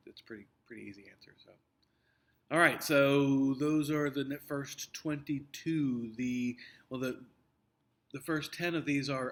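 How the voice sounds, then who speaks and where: A man teacher explains an upcoming test to his students, patient and halting. His voice sits at an ordinary middle pitch, and he often restarts his sentences and fills pauses with "um" and "uh". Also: gravelly. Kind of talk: recorded test review for students.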